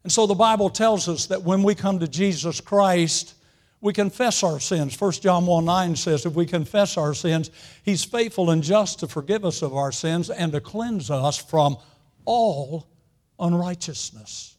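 A man with a high voice preaches a sermon in an unhurried, folksy storytelling manner. He lingers on words with long pauses and often clears his throat. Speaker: pastor.

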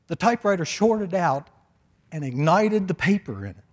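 A man's voice: sits high, expressive, normal speed. An older man preaching, telling a personal story in a folksy, chatty way with asides, into a microphone. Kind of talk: sermon storytelling. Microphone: stage microphone.

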